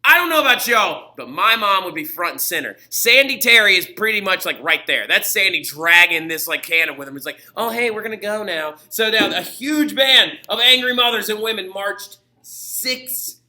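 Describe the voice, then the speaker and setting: Man, history teacher, lively storytelling lecture, very bright tone. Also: high-pitched, moderate pace, few pauses. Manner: animated storytelling with put-on voices. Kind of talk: lively classroom lecture video.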